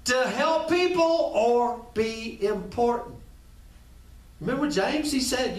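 Speaking slowly with lively intonation, this man has a very high-pitched voice as he preaches a sermon in his role as pastor. His delivery is conversational, full of repeated phrases aimed straight at the congregation. He's captured from a distance in an echoey room.

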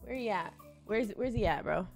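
A woman's voice: medium pitch, animated, normal speed, vocal fry, a little mellow, soft background music. A young woman gaming streamer giving casual, slangy commentary and talking to herself as she plays. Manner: slangy, chatty, talks to herself.

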